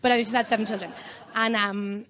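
A young Irish woman doing standup on a club stage, telling a whimsical, rambling story in a deadpan way, with lots of ums. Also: medium pitch, quick pace, some chatter behind, slight background noise. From Ireland. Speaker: standup comedian. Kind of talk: live standup set.

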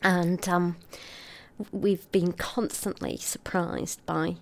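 A middle-aged woman, a scientist explaining her research in an interview, articulate and expressive. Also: lowish voice, takes it slowly. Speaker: scientist guest.

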